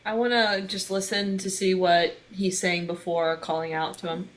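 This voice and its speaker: A woman's voice: on the low side, level tone, moderate pace. A woman playing in a tabletop game, talking casually as she describes what her character does. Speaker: player.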